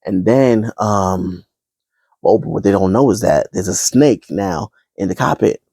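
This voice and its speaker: A man's voice: fairly low pitch, measured pace, gravelly, dark tone, husky. A man casually retelling a movie plot, rambling, with many fillers and restarts. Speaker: vlogger.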